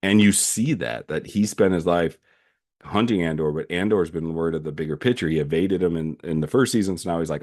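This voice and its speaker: A man's voice: deep voice, a little fast, a little mellow. A man hosting a solo commentary podcast, recapping a series animatedly with frequent fillers and restarts. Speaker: podcast host.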